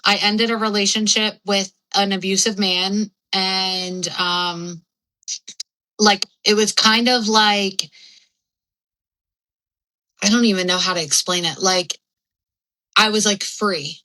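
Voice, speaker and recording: Frank young woman with bright voice. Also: medium pitch, fairly even intonation, slow, long pauses, low-quality recording. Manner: rambling and frank, heavy on fillers and swearing. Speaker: podcast guest. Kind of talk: candid personal storytelling.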